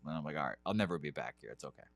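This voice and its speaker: A man's voice: very deep voice, expressive, racing, a bit bright. A man co-hosting a podcast, telling a rambling self-deprecating story full of swearing and hesitations. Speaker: podcast co-host. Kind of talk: casual storytelling chat.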